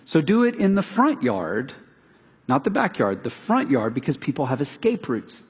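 This middle-aged man's voice sits fairly high and carries a breathy edge. Preaching a sermon as a pastor, he animates his stories by performing the neighbors' lines himself, and the hall around him is reverberant.

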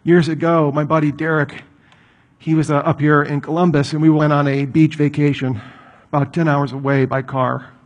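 A man's voice: fairly high pitch, level tone, moderate pace, muffled recording. Conversational man preaching a sermon. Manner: conversational storytelling with rhetorical questions. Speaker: pastor.

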